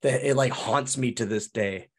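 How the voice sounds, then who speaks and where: Rambling, animated man telling a story. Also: medium pitch, normal speed, breathy edge. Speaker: interview guest, former wrestler. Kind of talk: casual storytelling interview.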